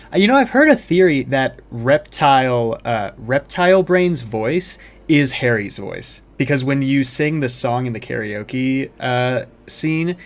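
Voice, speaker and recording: A young man giving casual, joking let's-play commentary as a game streamer, swearing freely. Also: mid-range voice. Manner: chatty, joking, swears a lot.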